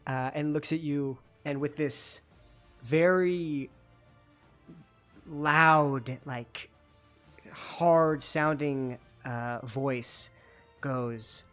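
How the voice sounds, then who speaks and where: A man's voice: on the high side, steady tone, very slow, pauses often, a bit bright, faint music behind. A man narrating as dungeon master in a loose, chatty way, with lots of fillers and restarts. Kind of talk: narrating a tabletop game over a call.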